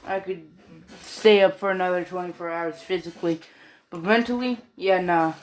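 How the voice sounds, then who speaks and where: A woman's voice: lowish voice, steady tone, moderate pace. A tired woman rambling casually in slang and swearing as she retells a fan story late at night.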